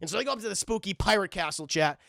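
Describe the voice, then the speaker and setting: A man's voice: sits high, rapid-fire, vocal fry, no room sound, clean studio sound. A man reviewing a cartoon live for his stream chat, swearing freely and joking as he recaps. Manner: profane, excitable, joking.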